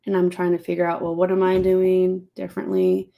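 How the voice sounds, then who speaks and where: A woman in a casual podcast chat, talking in a reflective, halting way. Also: fairly low pitch, monotone, muffled recording. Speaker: podcast co-host or guest.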